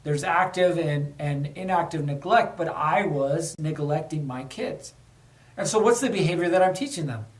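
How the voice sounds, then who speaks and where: A man's voice: a little high, moderate pace. A middle-aged man, a podcast host, telling a candid personal story with a lesson, in a casual conversational way. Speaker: podcast host, former undercover officer. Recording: echoey room, a bit far from mic.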